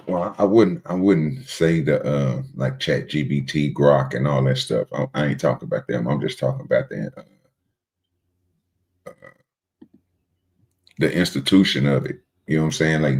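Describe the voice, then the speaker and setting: A man's voice: very deep voice, darkish tone. A man guest on a casual panel chat, laid-back and questioning. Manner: laid-back, questioning, says "bro" often.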